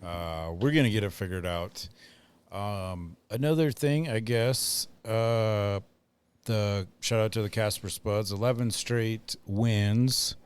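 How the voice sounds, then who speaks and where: A man's voice: lowish voice, slow pace, clear, resonant tone. A man hosting a casual podcast, rambling with lots of fillers and laughing often. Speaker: podcast host.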